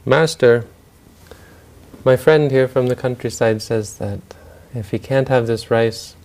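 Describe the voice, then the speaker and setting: A man's voice: mid-range voice, fairly even intonation, normal speed, a little mellow, natural voice. A man voicing an earnest city man in a spoken story, coaxing and pleading on behalf of a friend.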